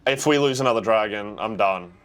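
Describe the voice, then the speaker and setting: A young man, reacting casually to a TV episode. He swears freely and yells at the screen. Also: fairly low pitch, a little fast, clean tone. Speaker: reaction video host.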